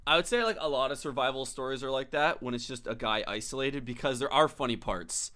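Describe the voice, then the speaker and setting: A man's voice: mid-range voice, fairly quick, sharp tone. A young man co-hosting a casual chat, laid-back, agreeing a lot and swearing now and then. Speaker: podcast co-host. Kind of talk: casual chat riffing on movies.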